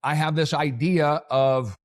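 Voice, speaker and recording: A man's voice: a little high, steady tone, measured pace. A middle-aged American man hosting a podcast, talking in a rambling way with lots of restarts and asides. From United States. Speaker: podcast host. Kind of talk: conversational interview.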